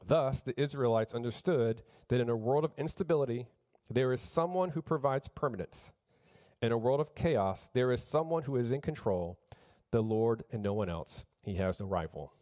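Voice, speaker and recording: A middle-aged man delivers a sermon with earnest conviction. He builds emphasis by repeating phrases and often restarts his sentences mid-thought. His voice sits at an ordinary middle pitch. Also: moderate pace, mellow. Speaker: pastor.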